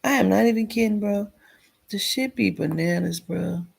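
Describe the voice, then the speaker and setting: A woman's voice: mid-range voice, moderate pace, gravelly, darkish tone, breathy edge. A woman giving a blunt, profane commentary rant, dropping into whispers for emphasis. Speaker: commentary vlogger.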